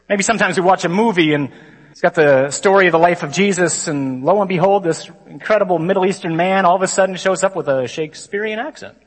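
A man, a priest giving a humorous conference sermon with lively storytelling and mock-dramatic asides. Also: high voice, fairly quick. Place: large conference hall. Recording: long reverb of a conference hall.

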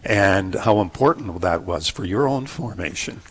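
A man co-hosts an interview and speaks in a thoughtful, halting way, pausing to find his words. His voice is low and husky. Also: lively intonation. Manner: halting, many fillers and restarts, thoughtful. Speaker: co-host. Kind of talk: casual interview chat.

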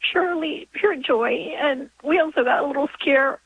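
Woman caller in her forties, high-pitched, emotional and halting, close to tears, heard over a tinny phone line. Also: no echo. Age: 40s. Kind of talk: call-in radio talk.

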